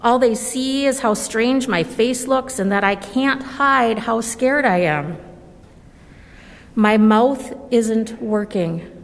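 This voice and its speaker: A woman reading a children's story aloud at a church service, gentle and measured. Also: on the high side. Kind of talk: slow storybook read-aloud. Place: church sanctuary. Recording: long reverb of a large hall.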